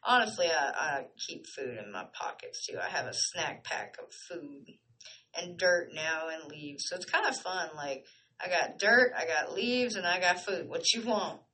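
Bright, chatty woman. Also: lowish voice, unhurried. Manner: chatty and animated, with playful asides. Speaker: podcast host. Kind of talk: casual storytelling monologue.

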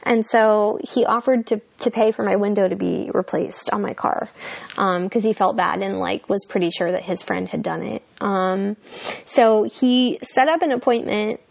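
A woman's voice: medium pitch, normal speed, gravelly. A young woman hosting a podcast, telling a personal story in a candid, chatty way that is full of fillers and casual swearing. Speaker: podcast host.

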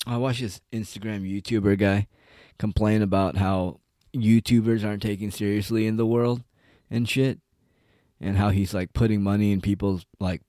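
Low dark male commentator, loose profane rant, dry close sound. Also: no echo. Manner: profane, rambling, heavy on "like" and "dude". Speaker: online commentator. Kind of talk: casual rant.

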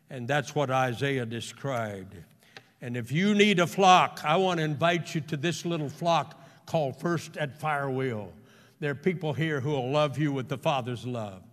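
A man, a pastor, delivering a sermon in a church, moving between hushed storytelling and loud, fervent exclamations. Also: medium pitch. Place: church sanctuary. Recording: long hall reverb in a church.

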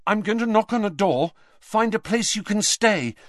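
A man's voice: high-pitched, animated, moderate pace, no room sound, studio quality, pitched above the performer's own voice. A man doing an anxious teenage boy wizard. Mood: urgent.

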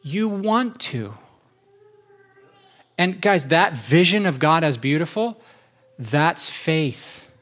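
A man's voice: fairly high pitch, big pitch swings, slow, long pauses, fairly bright tone. A man preaching a sermon in a church, enthusiastic and conversational, often restarting his sentences.

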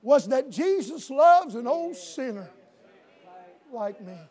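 A male pastor preaching a sermon in a church, swinging between shouted, drawn-out declarations and quieter, intimate appeals. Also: very high voice, very animated, slightly rough. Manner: shouting preacher cadence with slow emphatic punches. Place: church sanctuary. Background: soft piano.

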